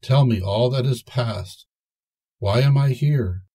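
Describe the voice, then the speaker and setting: A man's voice: medium pitch, takes it slowly, mellow, husky, pitched above the performer's own voice. A man voicing a young man waking from a long illness, asking questions in a wondering, anxious way. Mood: bewildered.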